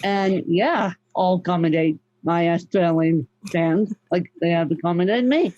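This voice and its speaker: Podcast guest: a woman, slow and warm, telling a personal story with feeling. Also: fairly low pitch, dry recording, highs cut off. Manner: emotional, repetitive storytelling. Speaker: podcast host and author, guest. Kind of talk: casual interview talk.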